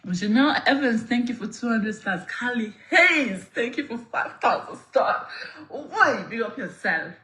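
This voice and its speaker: A woman livestreaming, laughing loudly and thanking viewers for their gifts in a playful, patois-tinged way. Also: fairly high pitch, animated, unhurried.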